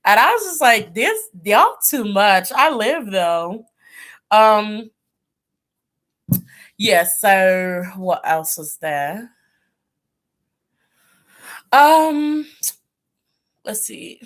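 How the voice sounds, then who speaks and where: Chatty animated woman livestream host. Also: medium pitch, very slow, long pauses. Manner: animated, laughing, chatty storytelling. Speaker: tarot channel host. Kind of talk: casual livestream chat.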